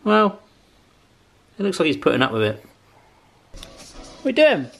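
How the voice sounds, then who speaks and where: Lively chatty man vlogging. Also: high-pitched, normal speed, vocal fry. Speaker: vlog host. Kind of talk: casual vlog chat.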